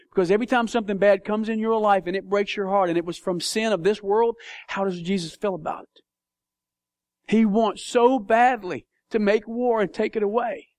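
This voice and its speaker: A man's voice: high voice, no room sound, studio quality. A man preaching a sermon, passionate and emphatic, with big swings in intensity. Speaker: pastor.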